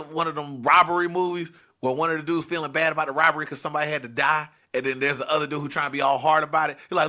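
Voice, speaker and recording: A man hosting a comedy podcast, telling a family story with lively impressions of everyone in it. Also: fairly high pitch, rapid-fire, few pauses. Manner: animated, acts out every character.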